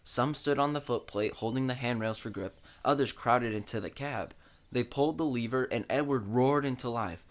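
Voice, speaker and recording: A man narrating a children's train story in an expressive, dramatic storytelling way. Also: medium pitch, moderate pace, a little hiss or hum.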